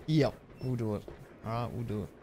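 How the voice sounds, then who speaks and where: A young man chatting through a live-streamed game, excitable and prone to yelling thanks at viewers. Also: mid-range voice, noisy background. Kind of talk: live-stream gameplay commentary.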